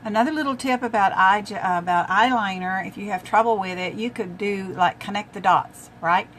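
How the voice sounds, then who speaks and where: A woman's voice: mid-range voice, a little fast, fairly bright tone, slight background noise. An older woman chatting casually through a makeup tutorial, talking to her viewers as she works and now and then coughing from a tickle in her throat. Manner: chatty, talks to viewers while applying makeup. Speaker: makeup vlogger.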